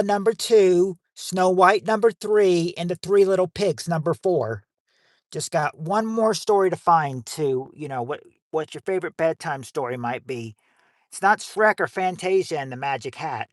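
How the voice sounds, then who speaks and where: A man's voice: high-pitched, unhurried, no echo, studio quality. A man hosting a family game night livestream, reading out survey answers with rambling jokes and crude wisecracks. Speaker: game show host.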